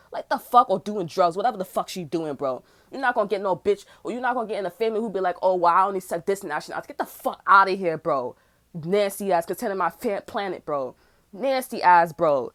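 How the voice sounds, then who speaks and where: Woman, profane storyteller, mid-pitched voice, jumps between loud outbursts and low mutters. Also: expressive, fast. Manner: acts out other people's lines mid-story. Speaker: tarot channel host. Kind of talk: casual heated storytelling rant.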